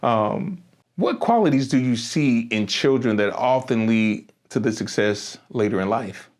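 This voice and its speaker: A middle-aged man hosting a casual podcast chat. He tells stories with lots of energy, laughs often and trips over his words, doubling them as he goes. His voice sits at an ordinary middle pitch. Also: a little slow. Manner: animated storyteller, laughs often, repeats words. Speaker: podcast host.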